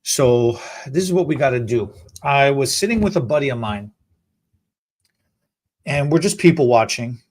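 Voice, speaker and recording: A man's voice: mid-range voice, normal speed, long pauses. A man co-hosting a beauty-industry podcast, telling a story casually and acting out the quoted lines. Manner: storytelling, animated, acts out quotes. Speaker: podcast co-host.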